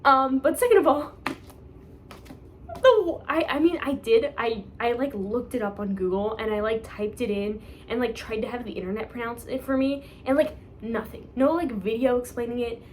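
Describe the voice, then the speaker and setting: A young woman talks through her book stack in a chatty, rambling way, laughing at her own slips. Her voice sits a little high, with a faint hiss of noise behind it. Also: normal speed. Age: young adult. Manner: chatty, rambling, self-mocking, many fillers. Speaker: book vlogger. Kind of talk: casual chat.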